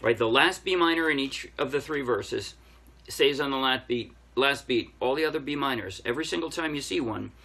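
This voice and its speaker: With a mid-range voice that sounds pushed and bright, a ukulele teacher talks a little fast as he plays and explains each step of a casual lesson.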